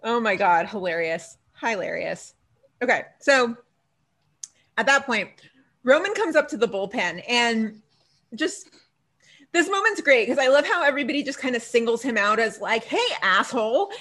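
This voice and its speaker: Animated woman recapping a TV episode. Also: a little high, moderate pace, pauses often. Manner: animated, acts out characters' lines, swears freely. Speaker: podcast co-host. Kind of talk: casual TV recap chat.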